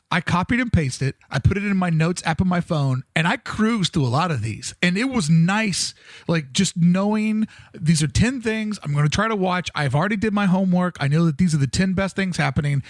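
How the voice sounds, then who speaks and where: Man, podcast co-host, casual chat, jokey, swears, higher voice, dry sound. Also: normal speed, no room sound. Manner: animated, jokey, swears freely.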